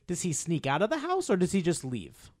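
A man co-hosting a podcast in casual chat, animated and quick to laugh, acting out movie lines. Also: sits high, dry recording, studio quality. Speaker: podcast co-host.

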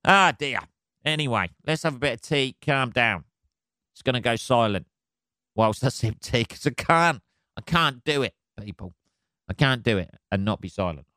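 A man's voice: medium pitch, normal speed, no room sound, clean studio sound. A man hosting a podcast, ranting comically on his own, swearing constantly and laughing often. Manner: sweary, animated, laughs a lot. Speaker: podcast host. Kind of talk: solo comedic rant.

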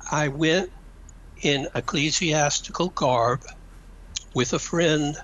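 A man's voice: medium pitch, fairly bright tone. Rambling man. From Georgia, US South. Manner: rambling, hesitant, with frequent pauses and dry asides. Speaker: interview guest, researcher. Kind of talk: conversational storytelling. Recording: dull, slightly muffled sound with faint noise.

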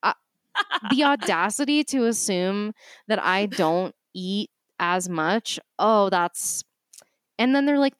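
A woman co-hosting a podcast in casual chat, reacting expressively and telling quick anecdotes. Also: mid-range voice, lively intonation, clean tone, no echo, studio quality. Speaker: podcast co-host.

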